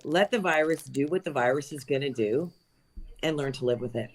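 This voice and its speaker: A woman's voice: rumbling low, brisk. A woman on a livestream panel, talking casually and chattily, laughing often and trailing off mid-sentence.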